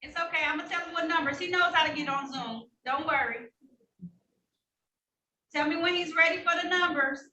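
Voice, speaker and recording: A woman's voice: high-pitched, a little fast, long pauses, sharp tone. A woman judge running a hearing over a video call, talking in a patient, reassuring, businesslike way. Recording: echoey room, picked up from a distance, faint noise.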